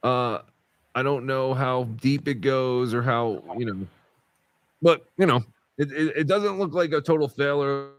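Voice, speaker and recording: A man's voice: mid-range voice, measured pace, dry recording. A man co-hosting a podcast, chatting casually and rambling with many asides. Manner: rambling, lots of fillers and asides. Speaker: podcast co-host. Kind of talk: casual chat.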